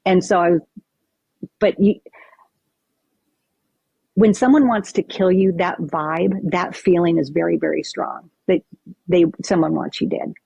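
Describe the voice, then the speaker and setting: Low husky woman guest telling her story all animated, dry dull sound. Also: measured pace, long pauses, no room sound. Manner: vivid, animated retelling with acted-out quotes. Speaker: podcast guest. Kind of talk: personal storytelling in conversation.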